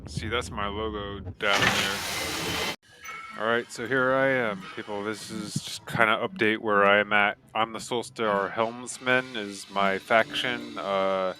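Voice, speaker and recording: A man giving casual, excitable gameplay commentary with many fillers. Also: fairly low pitch, a little slow, background noise. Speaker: gameplay video creator. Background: loud game music.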